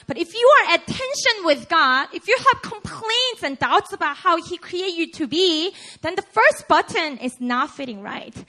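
A woman's voice: extremely high pitch, sharp tone. A young woman pastor preaching a sermon, playful, laughing and putting questions to her congregation. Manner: asks the audience questions.

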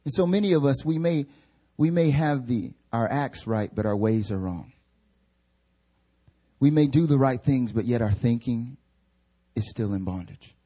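Husky young male preacher, casual and slangy. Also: mid-range voice, expressive, unhurried, warm tone. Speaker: pastor. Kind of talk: sermon.

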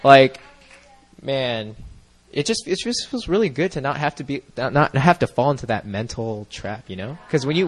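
Earnest young man rambling through a testimony. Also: on the high side. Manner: rambling and earnest, full of "like" and "you know", quick to laugh. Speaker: church member giving a testimony. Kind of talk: personal testimony at a church gathering. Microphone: microphone.

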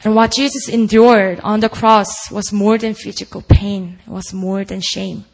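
A woman's voice: mid-range voice, steady tone, measured pace, creaky, rough recording. A woman preaching a sermon at a prayer meeting, earnest and full of rhetorical questions put to the listeners.

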